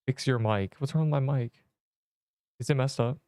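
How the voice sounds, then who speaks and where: Smooth-voiced man ranting to his stream. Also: medium pitch, moderate pace, dark tone, no room sound. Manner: rambling, exasperated banter with chat, heavy slang. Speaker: gaming streamer. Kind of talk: casual livestream chatter while playing.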